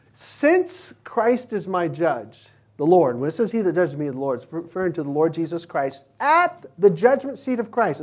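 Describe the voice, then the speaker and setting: Teaching from scripture, a pastor with a slightly high voice and darkish tone gives a casual, conversational sermon. He illustrates his points by playfully acting out everyday examples.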